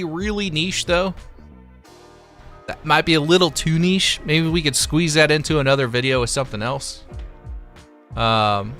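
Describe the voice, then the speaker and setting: A man's voice: medium pitch, bright, forceful tone. A young man hosting a live stream, reading chat and donations aloud in a laid-back, chuckling way. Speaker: livestream host reading chat.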